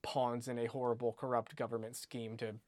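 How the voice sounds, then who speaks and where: A man in casual chat, talking through a book in a rambling, animated way, full of restarts and "like". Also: medium pitch, a little fast, no echo. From United States. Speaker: podcast co-host discussing a book.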